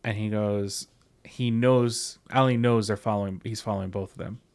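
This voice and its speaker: A man's voice: fairly low pitch, fairly even intonation, moderate pace, darkish tone. A man hosting a podcast book club, casually paraphrasing a story from memory. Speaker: podcast host.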